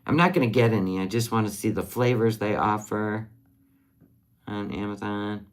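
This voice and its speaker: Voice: mid-range voice, moderate pace. A live-streamer chatting casually while finishing crafts, rambling and answering viewer comments as they come in. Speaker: livestream crafter.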